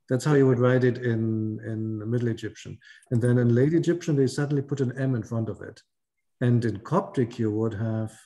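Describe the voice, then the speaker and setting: Mellow-voiced man musing aloud. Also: medium pitch. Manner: thinking aloud, hesitant, self-correcting. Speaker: reading group leader. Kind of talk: casual group discussion.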